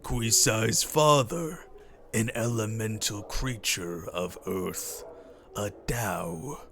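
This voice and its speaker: A man voicing a calm, ponderous stone-skinned earth genasi who speaks slowly and calls himself by name. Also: on the low side, slight background noise, full character voice. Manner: slow, measured, speaks of himself in third person. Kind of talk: reading game dialogue aloud on a live stream. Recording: music playing under the voice.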